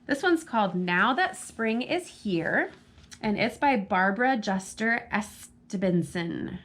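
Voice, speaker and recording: A woman hosting a children's storytime at a library, reading poems and chatting with young kids, asking them questions as she goes. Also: mid-range voice. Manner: chatty, addressing kids directly with frequent questions. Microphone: camera mic.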